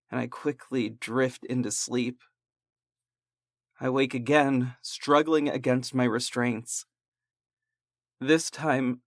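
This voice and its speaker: A man narrating a horror story in a slow, deliberate, dramatic way. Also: mid-range voice, no echo, clean studio sound.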